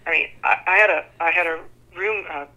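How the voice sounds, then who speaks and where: A woman's voice: on the low side, fairly quick, muffled recording. A middle-aged woman with a Texan accent, a singer talking as an interview guest and acting out what others told her. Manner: animated, acts out quoted voices. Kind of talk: conversational storytelling.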